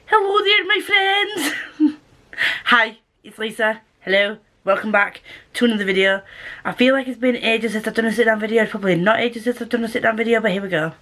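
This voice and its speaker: A woman with a soft Scottish accent chatting casually in a sit-down vlog, giggly and self-deprecating. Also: on the high side, fairly even intonation, fast. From Scotland. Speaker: booktuber.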